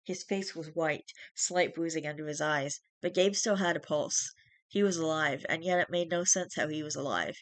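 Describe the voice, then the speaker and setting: A streamer reading a first-person horror story aloud in steady narration, with small restarts. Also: mid-range voice, normal speed, dry recording.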